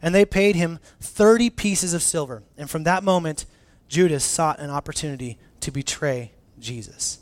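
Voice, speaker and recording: A man preaching a conversational sermon as a pastor, casual and animated, often restarting phrases and dropping in filler words. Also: a little high, moderate pace, hardly any pauses.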